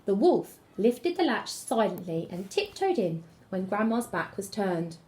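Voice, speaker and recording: A woman teacher reading a fairy tale aloud to children, with expressive storytelling. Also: mid-range voice, measured pace. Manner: expressive storytelling, gasps and whispers.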